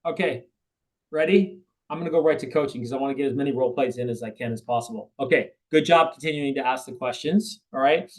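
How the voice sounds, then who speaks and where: A man coaching a real estate agent in a role play, talking briskly and often checking in with "right?". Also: mid-range voice, poor audio. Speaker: sales coach.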